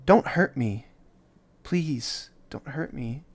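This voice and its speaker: A man's voice: mid-range voice, animated, takes it slowly, a little mellow. A man voicing a timid, ethereal male orb spirit in a tabletop game, with a reverberating, pleading way of speaking. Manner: pleading, then petulant and bossy. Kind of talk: tabletop role-play voicing.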